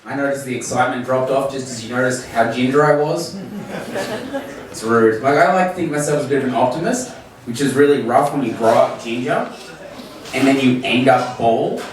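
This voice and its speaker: A man's voice: medium pitch, brisk. A man doing a dry, self-deprecating stand-up set. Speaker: open mic comedian. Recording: echoey room from far off with audience. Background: audience laughter.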